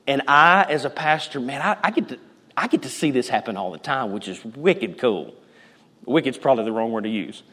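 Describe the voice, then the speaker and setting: A man preaching a sermon as a pastor, chatty and jokey, swinging between loud emphasis and hushed near-whispers. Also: fairly high pitch. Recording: long hall reverb.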